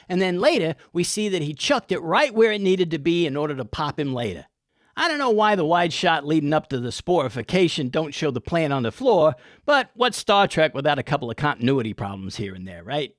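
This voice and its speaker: A man's voice: a little high, no echo, clean studio sound. A man hosting a comic episode review, with irreverent, folksy and profane wit. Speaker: host.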